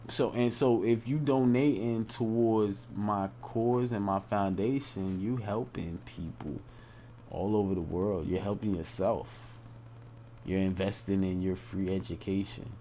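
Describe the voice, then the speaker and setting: A man's voice: fairly low pitch, steady tone, slow pace, mellow, slight background noise. A young man talking casually on a late-night live stream, rambling and repeating himself in loose, informal speech.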